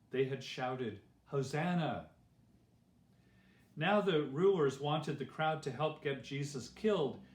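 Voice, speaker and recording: Slow, gentle man reading a children's story. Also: on the high side. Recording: roomy echo.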